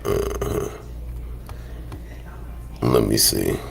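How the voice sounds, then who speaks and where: A man's voice: very deep voice, extremely slow, creaky. A man hosting a livestream in casual chat, hesitant and slangy, often repeating himself. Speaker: livestream host.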